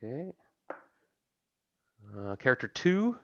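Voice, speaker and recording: A man's voice: mid-range voice, sing-song, takes it slowly, dry recording, dull audio. A man casually running a tabletop game as game master, thinking aloud and laughing along with his players.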